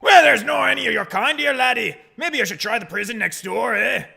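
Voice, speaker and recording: A man voicing a brawny, hostile male prison governor in a game, speaking loudly and gruffly with a put-on Scottish-style brogue. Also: very high-pitched, a little fast, voice pushed up, exaggerated voice.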